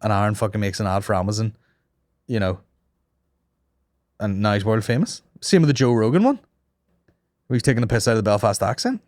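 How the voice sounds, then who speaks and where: A man's voice: lowish voice, animated, brisk, long pauses, a little mellow, no room sound. A man hosting a comedy podcast, telling stories in casual, sweary banter and slipping into mock voices. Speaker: podcast host.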